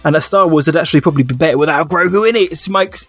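A man co-hosting a casual podcast, with a voice a little higher than most men's. He jokes, laughs often and calls his friend mate. The sound is dry and close, with faint music behind him. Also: racing, no echo. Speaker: podcast co-host. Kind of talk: casual chat.

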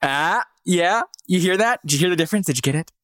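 A playful male podcast co-host who delivers news with a grin and a bad pun. His voice sits a little high for a man and sounds close and dry, with no room around it. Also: expressive, fast talker, fairly bright tone, no echo. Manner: playful, pun-loving, upbeat. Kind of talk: casual news podcast banter.

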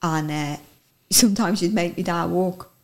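Gravelly Irish woman telling a raw story. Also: lowish voice, moderate pace. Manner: candid, emotional, swears casually. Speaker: interviewee. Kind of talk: personal storytelling.

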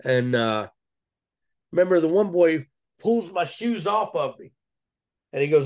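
Earnest man telling a story, slightly high voice. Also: lively intonation, unhurried. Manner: casual, earnest, slangy, with frequent restarts. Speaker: podcast guest. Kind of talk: casual interview storytelling.

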